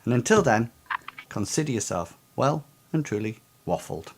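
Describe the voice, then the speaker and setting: Guy gm closing out a tabletop stream, lots of ums, average pitch. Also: lively intonation, a little mellow, a little hiss or hum. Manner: halting, with many fillers. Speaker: game master and stream host. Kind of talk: wrapping up an online tabletop game stream.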